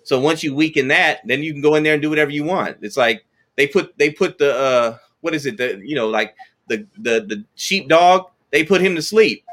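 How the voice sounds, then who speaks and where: A man's voice: a little high, normal speed, a bit bright. Man guest, repeats himself mid-thought. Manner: stammering repetitions, conversational storytelling. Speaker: podcast guest. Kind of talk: casual podcast chat.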